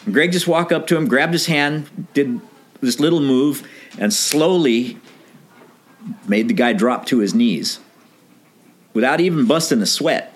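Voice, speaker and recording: Man telling a lively band anecdote. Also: mid-range voice, measured pace, pauses often. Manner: animated anecdote with quoted dialogue, laughs often. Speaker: guest telling a story. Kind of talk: casual storytelling.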